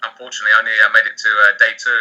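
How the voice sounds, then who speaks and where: A man, a poker player, answering interview questions in a rapid, animated way with many restarts. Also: fairly low pitch, poor audio.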